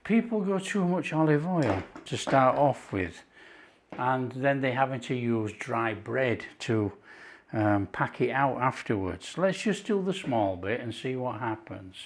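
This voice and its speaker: A middle-aged man with a Yorkshire accent hosting a casual cooking video, enthusiastic and unhurried, praising the food as he goes. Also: mid-range voice, lively intonation, slight background noise. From Yorkshire, England. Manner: enthusiastic, unhurried, calls things superb. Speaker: cooking channel host.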